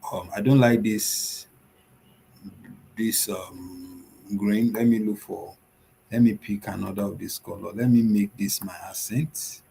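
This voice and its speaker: A man's voice: lowish voice, steady tone, measured pace, creaky, dark tone, a little hiss or hum. A man teaching web design in a screen-share tutorial, walking through the steps one by one, repeating himself and using many fillers.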